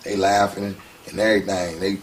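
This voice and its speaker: A man with a lowish voice tells his story in a casual interview, animated and full of slang. He sits back from the microphone. A faint hum of background noise runs underneath. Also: brisk, far from the mic. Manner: animated, slangy, heats up when retelling conflicts.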